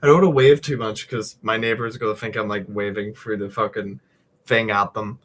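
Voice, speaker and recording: A man's voice: on the low side, steady tone, fairly quick, fairly bright tone, slight background noise. Young man rambling while drawing. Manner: meandering, swears casually, many fillers. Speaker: streamer drawing a comic.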